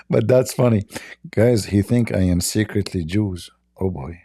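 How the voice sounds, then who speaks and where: A man's voice: fairly low pitch, measured pace, mellow, slightly rough. A man hosting a debate livestream, blunt and mocking, laughing often as he talks. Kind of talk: casual livestream debate talk.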